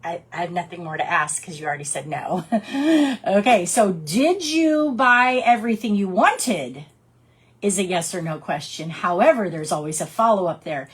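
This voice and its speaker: A woman who works as a direct sales consultant, giving her team casual coaching and acting out customer conversations in lively quick put-on voices. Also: medium pitch, breathy edge. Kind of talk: casual training talk with storytelling.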